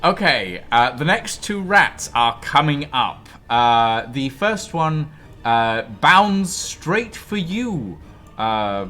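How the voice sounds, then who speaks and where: A man's voice: on the high side, big pitch swings, slow, bright, forceful tone, soft background music. A man running a tabletop game as game master, narrating with many fillers and laughing asides.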